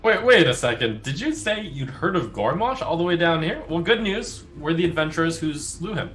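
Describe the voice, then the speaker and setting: A man's voice: fairly high pitch, expressive, normal speed, fairly bright tone. A man taking part as a player in a tabletop role-play, talking hesitantly with fillers.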